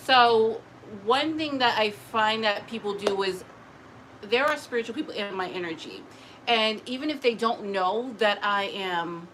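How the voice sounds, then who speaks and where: A tired woman speaks casually to camera in an animated, chatty way, often laughing and acting out other people's lines. Her voice sits at an ordinary middle pitch for a woman. A faint hiss of noise sits under the recording. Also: low-quality recording. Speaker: spiritual messenger.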